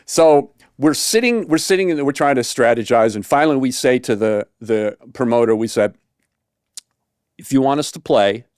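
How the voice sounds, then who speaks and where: A man, a saxophone tutor, casually telling a story in an animated way with many fillers, acting out the quotes. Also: mid-range voice, normal speed, clear, resonant tone, no room sound, clean studio sound.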